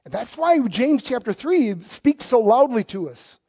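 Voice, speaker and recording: A middle-aged man preaching a sermon as pastor, emphatic, jumping between loud exclamations and quiet asides. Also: extremely high pitch, big pitch swings, measured pace. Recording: dull lo-fi church recording.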